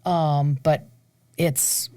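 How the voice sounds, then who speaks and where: A woman who is an opera singer, talking in a casual interview, animated and laughing often, sometimes dropping to a whisper for emphasis. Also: low-pitched, very slow, smooth, no room sound. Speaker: guest, opera singer and conservatory staff.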